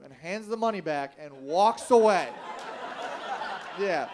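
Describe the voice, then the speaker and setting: A man performing a stand-up comedy set, telling a story and acting out the people in it with sudden loud outbursts. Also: high voice, expressive, normal speed. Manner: storytelling, acts out quoted voices with big loud outbursts. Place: comedy club stage.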